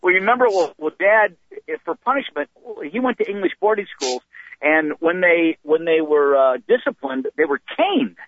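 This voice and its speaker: Animated, slightly high-voiced male comedian. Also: moderate pace, no room sound, narrow, tinny audio. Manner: animated storyteller who acts out voices. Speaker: comedian guest. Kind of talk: casual storytelling chat.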